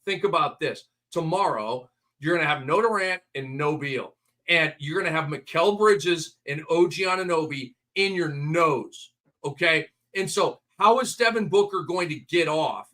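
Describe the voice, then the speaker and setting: A man's voice: a little high, normal speed, pushed and bright. A man hosting a casual sports betting chat, talkative and emphatic. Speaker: host.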